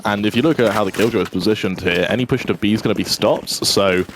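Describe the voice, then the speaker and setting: Low-voiced British male game analyst. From Britain. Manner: analytical, measured colour commentary. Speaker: esports caster. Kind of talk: live game commentary. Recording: noisy stream audio with game sounds.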